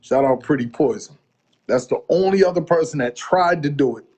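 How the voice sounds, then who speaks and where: A husky, slightly high-voiced middle-aged man from the Boston area talks over a video call. He rambles through his stories and acts out quoted lines with sudden jumps in his voice. It is loose, casual interview chat. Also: normal speed. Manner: rambling, animated storytelling with quoted asides. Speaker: music promoter, interview guest.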